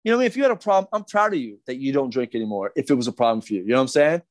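A man's voice: medium pitch, lively intonation, rapid-fire, no room sound. A middle-aged man, a skateboarder guest on a podcast, ranting heatedly with lots of swearing and repeated fillers. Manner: profane, fired up, repetitive fillers.

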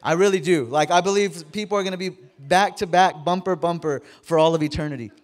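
High-voiced joking pastor. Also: male voice, fairly quick. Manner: casual, joking, talks to the congregation; stammers and repeats words. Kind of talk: sermon. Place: church sanctuary.

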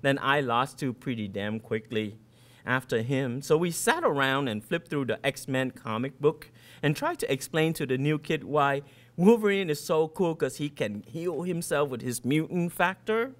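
A man's voice: a little high, lively intonation, unhurried. A man in his fifties, an author from Vietnam, reading his short fiction aloud in a first-person boy's storytelling voice.

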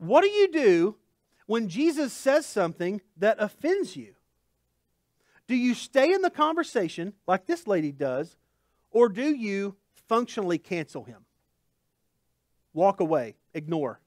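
A man preaches a sermon in a loose, conversational way, tossing in jokes and asides as he goes. His voice sits high and swings widely in pitch. The sound is dry and close. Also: sing-song, measured pace, long pauses, darkish tone, dry recording. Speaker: pastor. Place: church.

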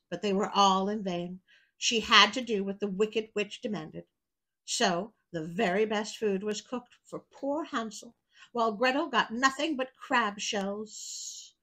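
A woman's voice: mid-range voice, pushed and bright, rough recording. A woman hosting a storybook reading, breaking off for wry, chatty asides. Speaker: storyteller host.

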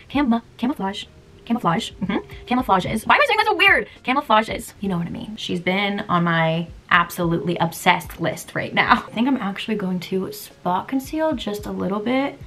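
A young woman chatting casually through a makeup tutorial, playful and quick to laugh at her own mispronunciations. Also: mid-range voice, fairly bright tone, a little hiss or hum. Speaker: beauty vlogger.

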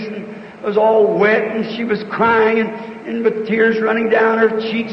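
High-voiced preacher in an echoey hall. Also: male voice, slight background noise. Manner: folksy storytelling, rising to shouted preaching. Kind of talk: sermon with storytelling. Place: large meeting hall. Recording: echoey hall, dull old tape.

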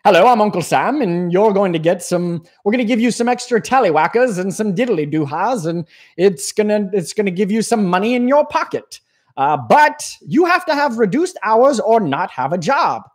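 A man's voice: high voice, big pitch swings, moderate pace. A man voicing a jokey, folksy male Uncle Sam as a government spokesman. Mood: goofy. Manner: goofy, folksy, hand-waving.

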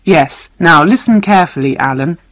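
A soft, cruel female terrorist, read by a woman. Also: fairly low pitch, lively intonation, moderate pace, no room sound.

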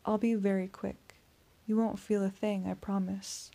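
A woman voicing a suave male vampire in an audiobook, speaking in a soft, courteous, menacing purr. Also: mid-range voice, flat delivery, unhurried, gravelly. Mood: silky menace. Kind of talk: audiobook character reading.

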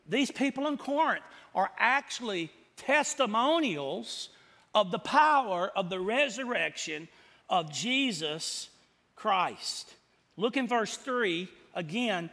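Male pastor, high voice, folksy teaching sermon, quizzes the room as he goes. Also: bright, forceful tone. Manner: folksy, asks the room questions and answers himself. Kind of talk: expository sermon. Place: church sanctuary. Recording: long church hall reverb.

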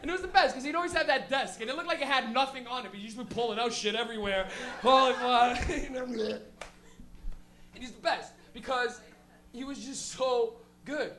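A man doing profane, animated stand-up comedy, laughing and acting out characters on a club stage. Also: very high-pitched, brisk.

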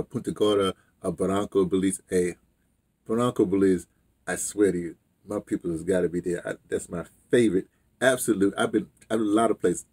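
A man with a very low voice tells a loose, wandering story. His voice is gravelly and husky. He digresses often and circles back to his point. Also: a little mellow. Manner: loose, digressive, heavy on fillers and restarts. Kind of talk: casual rambling storytelling.

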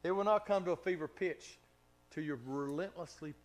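This male pastor has a Southern Kentucky accent and a fairly high voice at a moderate pace, with soft music behind him. His sermon swings between loud, emphatic preaching and soft, intimate near-whispers. He chuckles between phrases and drawls out key words.

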